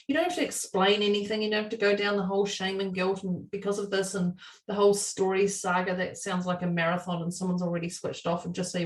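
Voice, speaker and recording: This is a woman co-hosting a relaxed podcast and telling stories with energy. She laughs often and acts out the lines she quotes. Her voice sits a little away from the mic, in a roomy, echoing space. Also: mid-range voice, recorded from a distance. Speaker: podcast co-host. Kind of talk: casual chat.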